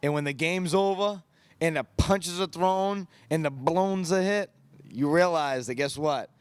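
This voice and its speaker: Brief: man in a bar, high-ish crisp voice, dry close sound, dramatic and preachy. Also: unhurried, no room sound. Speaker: reality show contestant. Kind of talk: casual interview.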